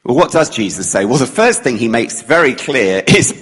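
A man's voice: mid-range voice, big pitch swings, moderate pace, a bit bright, husky. A man preaching in a storytelling manner, who acts out the characters' lines as he retells the story. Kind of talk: sermon storytelling. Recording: long hall reverb.

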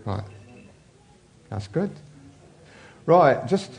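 A man's voice: mid-range voice, animated, takes it slowly, long pauses, darkish tone, slight background noise. A man preaching an informal sermon in a chatty, rambling way with many asides.

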